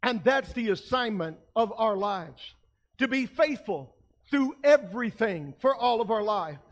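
A man preaching a sermon as pastor, impassioned, swinging between shouted lines and hushed ones. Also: high voice, lively intonation, measured pace.

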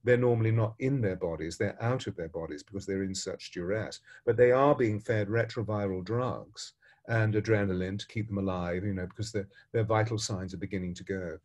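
A spiritual teacher tells a parable and gives a spiritual talk, expressive and dramatic, varying his pace and volume. His pitch is fairly low, and he speaks a little fast.

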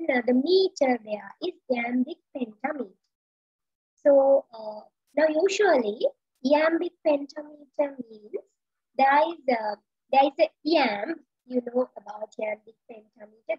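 A woman teaching literature in an online video-call lecture, talking slowly with many fillers and restarts. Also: high voice, no echo. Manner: slow, hesitant with many fillers. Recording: dull lo-fi video call audio.

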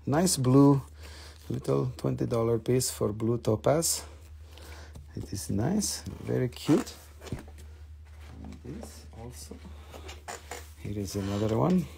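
A man's voice: medium pitch, slow pace, vocal fry, pauses often, dark tone. A man hosting a live mineral sale, chatting enthusiastically and answering viewer comments. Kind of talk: casual live-stream sales chat.

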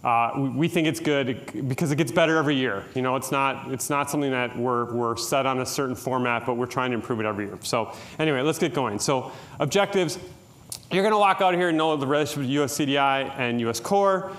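A man's voice: mid-range voice, fast talker, a bit bright. A middle-aged man from Minnesota giving a conference tutorial talk in a casual, joking way, with frequent "uh" and "um". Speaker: conference presenter.

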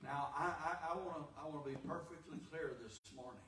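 A man preaching a Pentecostal sermon as pastor, swinging from loud, emphatic lines to hushed, low ones. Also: a little fast, slight background noise. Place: church sanctuary. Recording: echoey church hall from far off.

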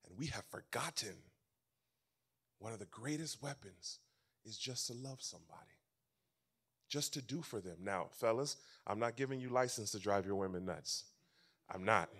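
Animated preacher man telling stories. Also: lowish voice, moderate pace, long pauses. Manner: animated storytelling, swings from loud to soft. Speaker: pastor. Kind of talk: sermon.

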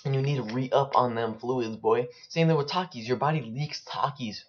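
This gaming YouTuber speaks at a moderate pace and medium pitch while playing an online game. The young man jokes in slang and chats aimlessly between rounds, recorded on a slightly dull lo-fi mic.

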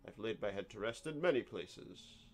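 A man's voice: lowish voice, expressive, normal speed. A man voicing a theatrical, self-important male occult shopkeeper who speaks in grand, archaic phrases. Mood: grandiose.

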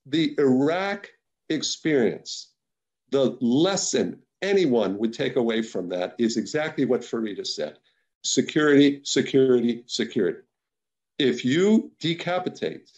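A man's voice: mid-range voice, a little mellow, highs cut off. A man giving unscripted remarks on a policy panel, earnest and emphatic, stumbling through restarts and repeated words. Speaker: panel discussant at a policy webinar.

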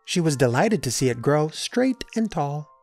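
A woman reading a children's storybook aloud in an expressive, animated way. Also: low voice, normal speed, no echo, faint music behind. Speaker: storybook reader. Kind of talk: children's read-aloud narration.

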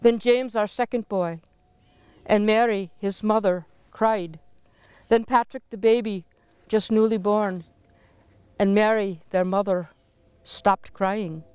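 A woman reads her own poem aloud in a solemn, deliberate recitation, taking her time over every phrase. Her voice is exceptionally smooth and resonant. The recording is dry and close, with no room sound. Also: medium pitch, fairly even intonation, darkish tone, no echo. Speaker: poet reading her own work. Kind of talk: poetry reading.

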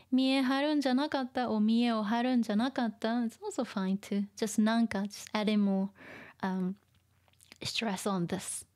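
A Japanese teacher with a mid-pitched voice leads a casual vocabulary lesson, speaking softly and chattily. She switches between Japanese and English, with small laughs and gentle fillers running through her explanations.

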